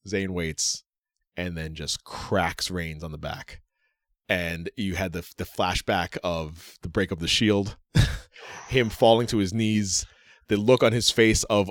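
A man with a lowish voice talks through a wrestling show in loose, excitable chat, stumbling over restarts as he goes. The sound is dry and close to the mic. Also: dry recording. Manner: excitable, rambling, laughing often, many restarts. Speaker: podcast co-host. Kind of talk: casual wrestling recap chat.

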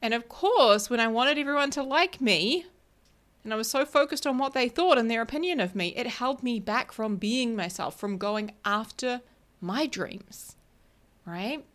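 A woman's voice: a little high, expressive, moderate pace, fairly bright tone. Chatty woman coaching, keeps asking "right?". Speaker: life coach and podcast host. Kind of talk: casual solo podcast talk.

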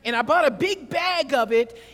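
A man preaching a sermon as pastor, telling stories with animated shifts between quiet and loud. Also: normal speed, long reverb tail. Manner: animated storytelling with big swings in pitch and loudness.

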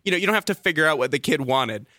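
Young male tour guide, Georgia-born, muted Southern accent; animated storyteller, bright tone, dry room. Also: fairly high pitch, rapid-fire, no room sound. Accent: neutralized Southern US. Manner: animated, playful, acts out quoted voices. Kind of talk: casual storytelling chat.

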